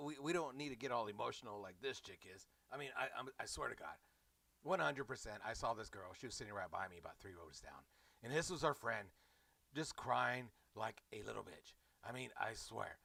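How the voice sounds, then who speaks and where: A man rambles through a sarcastic comedic movie recap, mocking the people around him and tripping over his own words. His voice sits low with a gravelly fry and a bright, forceful edge. The sound is dry and close, with no room around it. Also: dry recording. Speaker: movie reviewer.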